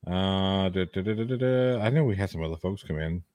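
A man's voice: sits low, brisk, a little mellow, no echo. A man co-hosting a horror podcast live stream, joking casually and reading viewers' chat names aloud. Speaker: podcast co-host.

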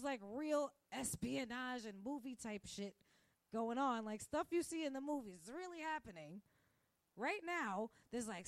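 A woman's voice: fairly high pitch, fairly bright tone, no echo. A woman hosting a podcast in a casual, rambling rant, recorded in a restaurant where she works. She acts out quoted voices and laughs often. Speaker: podcast host. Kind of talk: casual ranting monologue. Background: faint music.

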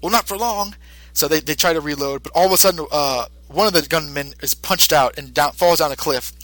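A man's voice: on the high side, fairly quick, a bit bright, no echo, poor audio. A male podcast host casually recapping an episode, rambling with lots of fillers.

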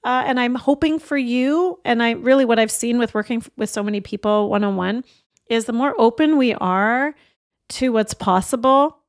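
A woman's voice: on the high side, normal speed, no echo. Earnest middle-aged woman coach, dry sound. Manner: earnest and openhearted, shares personal stories. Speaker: life coach and podcast host. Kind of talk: reflective motivational talk.

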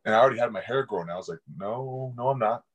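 A man's voice: medium pitch, quick pace, rough recording. A young man, a college football player, telling casual stories in an interview and laughing often. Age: young adult. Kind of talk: casual storytelling.

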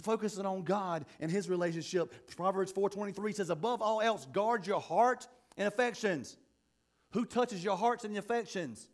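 A man preaching a sermon as pastor, impassioned, repeating himself and restarting phrases. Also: sits high.

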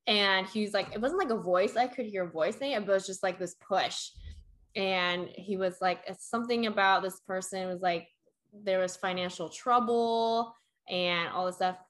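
A woman's voice: mid-range voice, moderate pace, fairly bright tone. Young woman, rambling storyteller, lots of fillers, casual. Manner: rambling, filler-heavy storytelling with acted quotes. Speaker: storyteller in a chat. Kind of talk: casual chat.

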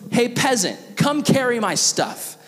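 A man's voice: very high-pitched, very animated, a little slow, a bit bright, in a large hall, pitched above the performer's own voice, full character voice. A man voicing a bossy, arrogant Roman soldier who orders a peasant to carry his gear. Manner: demanding, lazy and condescending.

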